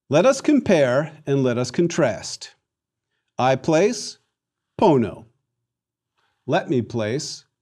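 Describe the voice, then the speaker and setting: A theatrical male Latin teacher with a voice on the high side animatedly steers his class through repetition drills in a recorded lesson.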